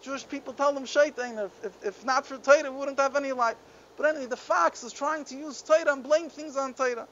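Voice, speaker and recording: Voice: sits high, brisk, fairly bright tone. A Torah teacher giving a Chassidic text class, explaining stories earnestly and often restarting mid-sentence. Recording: dull lo-fi recording with faint background noise.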